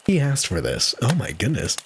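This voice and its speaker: A man's voice: medium pitch, wildly swooping pitch, moderate pace, gravelly, background noise. A man streaming a comedic story reading, giggling and breaking into laughter often.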